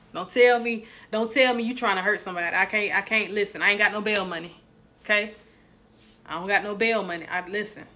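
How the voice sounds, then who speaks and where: A woman's voice: medium pitch, sharp tone. A young adult woman, hosting a casual live stream, joking with viewers and preaching encouragement.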